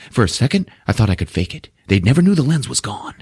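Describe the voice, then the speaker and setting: A man's voice: medium pitch, big pitch swings, fast, hardly any pauses, a little mellow, breathy edge. A man hosting a podcast, recapping a movie in casual, profane talk, laughing often and acting out scenes. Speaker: podcast host.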